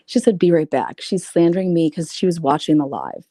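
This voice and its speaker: Woman w a low dark gravelly voice, cussing and sarcastic, going thru screenshots, dry close sound. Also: animated, a little fast, few pauses, dry recording. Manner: profane, blunt, sarcastic. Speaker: YouTuber reading out messages. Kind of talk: casual commentary reading screenshots.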